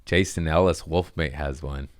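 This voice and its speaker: A man's voice: very deep voice, steady tone, normal speed, no room sound, studio quality. A man hosting his own podcast, rambling crudely in a casual monologue and laughing at his own jokes. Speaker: podcast host.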